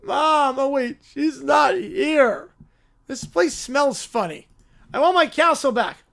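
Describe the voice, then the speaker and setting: A man's voice: very high-pitched, lively intonation, slow pace, vocal fry, a bit bright, voice pushed up, exaggerated voice. A man voicing a whining, sulky preschool boy who complains about everything. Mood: whiny. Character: whiny crying little preschool boy.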